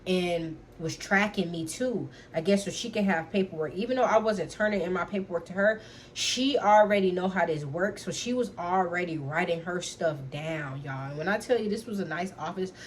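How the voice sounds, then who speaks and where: A woman's voice: lowish voice, normal speed, slight background noise. A young adult woman telling a personal story to her viewers in a casual, chatty way, full of fillers and asides to her audience. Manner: earnest, lecturing when giving advice.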